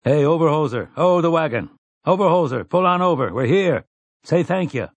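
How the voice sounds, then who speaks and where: Brief: male narrator as a hard, weathered gunslinger, dark and husky, slow quiet menace, audiobook. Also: low voice, expressive, no echo. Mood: shouting. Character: stern weathered male gunslinger, cold and blunt.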